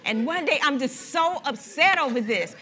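A woman pastor preaching a sermon in an animated, conversational way, joking with and speaking directly to her congregation. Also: sits high, normal speed, background noise. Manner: animated, conversational preaching with humor and audience address.

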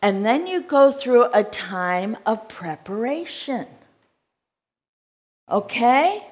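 A woman's voice: on the high side, big pitch swings, slow pace. An American woman preaching a sermon, reading scripture aloud and checking in with her listeners in a conversational way.

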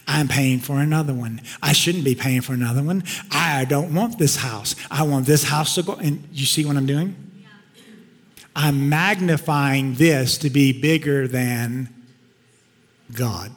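A male pastor preaching a sermon, telling stories in a conversational, emphatic way. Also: mid-range voice. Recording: long hall reverb.

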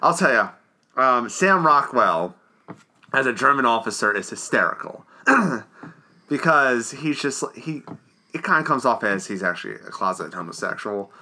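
A man co-hosting a casual podcast, recapping movies in a rambling way, full of "like" and frequent throat-clearing. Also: medium pitch, sing-song, moderate pace, pushed and bright. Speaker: podcast co-host. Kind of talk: casual movie review chat.

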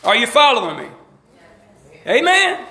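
A man's voice: extremely high pitch, huge pitch swings, unhurried, vocal fry, sharp tone, echoey room. A middle-aged man with an Alabama Southern accent, preaching a sermon to his congregation with call-and-response, emphatic rising lines and folksy asides. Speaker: pastor. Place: church sanctuary.

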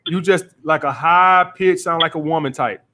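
A man's voice: on the high side, normal speed, background noise. A man hosting a call-in dating advice podcast, blunt and profane, repeating his points as he coaches a caller.

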